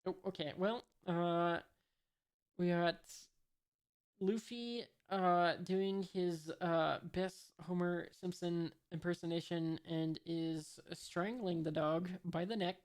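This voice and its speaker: A woman with a low, smooth, clear voice reads a comic aloud at an unhurried pace. Her delivery stays casual and hesitant, with many filler pauses as she describes the panels and sound effects. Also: steady tone, a little mellow. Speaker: reader of a comic. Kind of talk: casual comic read-along.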